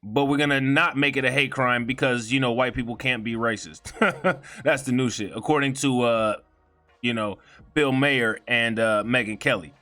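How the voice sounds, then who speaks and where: A man's voice: mid-range voice, moderate pace, bright, forceful tone, faint music behind. A man giving a heated, profane commentary in a blunt, indignant way. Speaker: video commentator.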